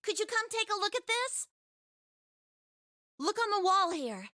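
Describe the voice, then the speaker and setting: A timid young game heroine. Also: female voice, very high voice, very animated, measured pace, bright, forceful tone, a little hiss or hum, heavily acted.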